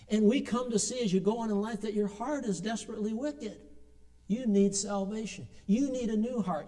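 A middle-aged man preaching a sermon, building to emphatic peaks and dropping into quiet, personal asides. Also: on the high side. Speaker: pastor.

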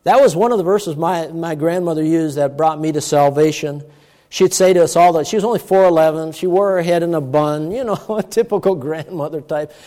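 A man preaching a sermon with emphatic delivery, moving between loud, stressed words and hushed asides. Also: a little high, brisk. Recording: long church-hall reverb.

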